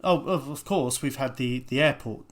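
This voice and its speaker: A man's voice: mid-range voice, normal speed. Dry-witted man chatting films. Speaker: podcast co-host. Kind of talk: casual film chat.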